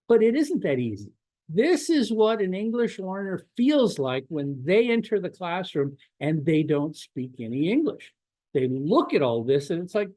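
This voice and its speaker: Male professor, lecture delivery, lively rhetorical style, very varied pitch. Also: normal speed, no echo. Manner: animated, with rhetorical questions. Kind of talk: lecture to teachers.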